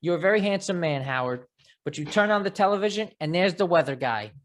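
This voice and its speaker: A man with a thick Long Island New York accent hosting a casual interview, telling stories in a rambling, animated way. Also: high voice, fast talker. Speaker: podcast host.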